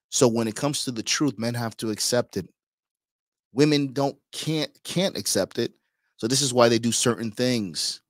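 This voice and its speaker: A man's voice: mid-range voice, no echo, clean studio sound. A man hosting a stream, giving blunt, preachy, profane commentary in a casual tone. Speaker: host reacting to clips.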